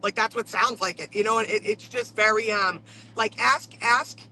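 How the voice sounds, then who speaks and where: A man's voice: high-pitched, moderate pace, pushed and bright, a little hiss or hum, low-quality recording. A man casually talking over a trial on a livestream, blunt and a bit profane. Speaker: trial commentator.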